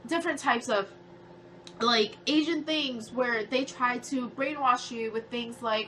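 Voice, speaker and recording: A woman's voice: fairly high pitch, measured pace, a bit bright, a little hiss or hum. A woman in her early twenties with a nasal voice, tearful as she rants to her viewers, heated and swearing, rambling with many fillers. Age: 20s. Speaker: vlogger. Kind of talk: emotional rant to camera.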